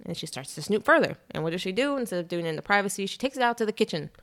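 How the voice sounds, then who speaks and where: A young woman casually retelling a novel on a chat podcast, animated, with quick asides and lots of "like". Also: mid-range voice.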